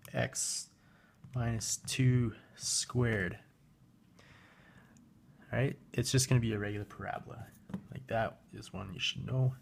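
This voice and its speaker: A man with a gravelly, creaky voice walks through a math lesson step by step, pausing on a graphing calculator and fixing his own slips. His pitch sits mid-range, and a faint hiss hangs under the recording. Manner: relaxed, talks while working a graphing calculator, with fillers and self-corrections. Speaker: math teacher.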